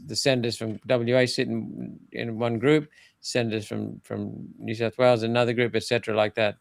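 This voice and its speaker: An older man, a former senator appearing as an interview guest, speaks bluntly and emphatically about politics, often restarting his phrases. His voice is lowish and gravelly, and the recording is dry.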